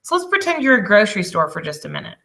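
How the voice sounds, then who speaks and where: A woman in her twenties, a business coach teaching a casual lesson, chatty and quick to laugh. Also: medium pitch, big pitch swings, creaky, pushed and bright. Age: 20s. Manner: chatty, laughs often, apologizes.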